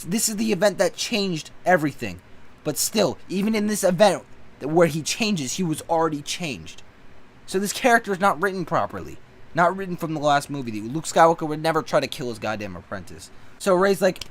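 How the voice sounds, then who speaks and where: A man's voice: a little high, very animated, normal speed, fairly bright tone. A man reviewing a movie in a casual, blunt and profane opinion rant that keeps getting worked up.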